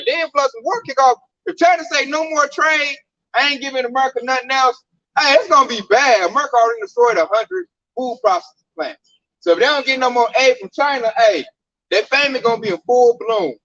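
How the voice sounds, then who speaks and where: A man's voice: very high-pitched, a bit bright, no echo, highs cut off. A man teaching scripture in a casual street-preaching style, blunt and emphatic with lots of slang. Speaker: Bible teacher.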